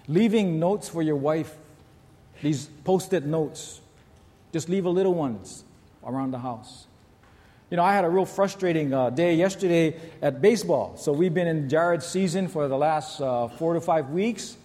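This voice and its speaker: A man's voice: fairly high pitch, in a large hall. A middle-aged man, a pastor, preaching a sermon in a church, telling stories animatedly and acting out the people in them. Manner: animated storyteller, acts out shouts and kids' voices. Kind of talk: sermon with storytelling.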